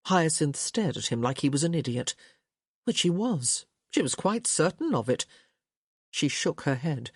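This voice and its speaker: A woman giving expressive scripted narration of a romance audiobook. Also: sits low, normal speed, husky, no echo, clean studio sound. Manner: expressive storytelling.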